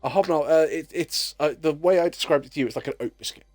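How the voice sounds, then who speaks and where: A British man in his thirties talks fast in a high-ish voice while streaming a game, with faint music in the background and no room echo. He's animated and jokey, swapping stories and swearing freely in casual gaming chatter.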